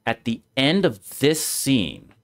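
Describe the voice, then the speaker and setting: Brief: male streamer host, casual and animated, mid-pitched, acts out lines as he explains. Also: takes it slowly. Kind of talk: casual game discussion.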